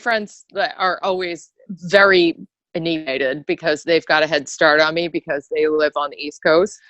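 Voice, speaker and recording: A woman co-hosting a podcast in casual chat, reacting quickly and laughing often. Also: low-pitched, steady tone, a bit bright, no echo, dull audio. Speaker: podcast co-host.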